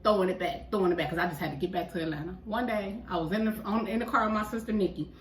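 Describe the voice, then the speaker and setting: A woman co-hosting a podcast, telling a personal story in a casual, animated way and acting out what others said. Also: medium pitch, rapid-fire, slight background noise. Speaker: podcast co-host. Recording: echoey room, mic at a distance.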